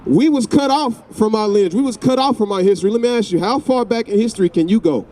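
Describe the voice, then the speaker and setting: A man's voice: sits high, fast talker, warm tone. A man with a Southern US accent preaching on a city street, asking pointed questions and repeating phrases for emphasis.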